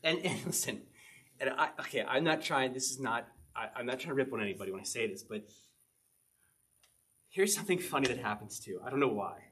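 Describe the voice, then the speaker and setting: A middle-aged man, a pastor, preaching a conversational sermon and often checking in with his listeners with a quick "okay?". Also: mid-range voice, fairly bright tone. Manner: conversational, chatty preaching with frequent "okay?" asides.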